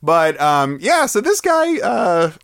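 Podcast co-host, male, animated delivery, laughs a lot, dry close sound. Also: sits high, takes it slowly, creaky, smooth, dry recording. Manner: laughs often, animated and joking. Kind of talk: casual comedic podcast chat.

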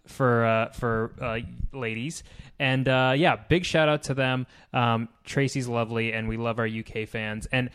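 A young man co-hosting a casual podcast, talking in a relaxed, rambling way with hesitations. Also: medium pitch, a little slow, clear, resonant tone. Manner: laid-back, rambling, hesitant fillers. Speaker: podcast co-host.

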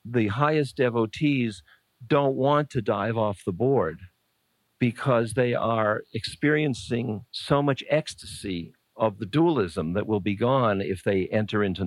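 A man's voice: lowish voice, dry recording. A man giving an informal spiritual talk as a teacher, musing in a conversational, playfully blunt way as he answers a question.

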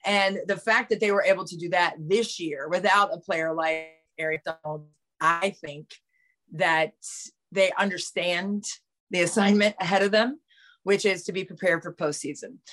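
A woman basketball analyst co-hosting a podcast in casual chat, her voice raspy today. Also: lowish voice, fairly even intonation, normal speed, a bit bright.

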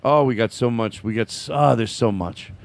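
A man's voice: medium pitch, moderate pace, vocal fry, noisy background. A man from Philadelphia hosting a podcast, rambling in casual comic banter with lots of restarts and laughs. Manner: rambling, stop-start, laughing often. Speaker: podcast host.

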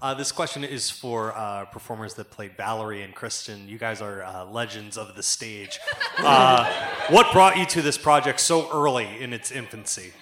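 A man's voice: medium pitch, moderate pace, a crowd in the background. Hesitant man in an echoey hall. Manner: hesitant, many filler words. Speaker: audience member asking a question. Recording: echoey venue with audience.

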